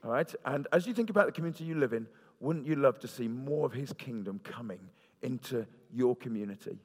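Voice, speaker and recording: Preacher in a reverberant hall. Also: male voice, mid-range voice, lively intonation, a little fast. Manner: earnest, storytelling, many fillers and restarts. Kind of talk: sermon. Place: church hall.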